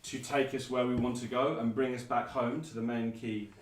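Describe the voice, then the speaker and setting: A man presenting and explaining a piece of classical music in a thoughtful, measured way, with frequent ums. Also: medium pitch, level tone, a little hiss or hum. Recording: roomy echo, mic at a distance.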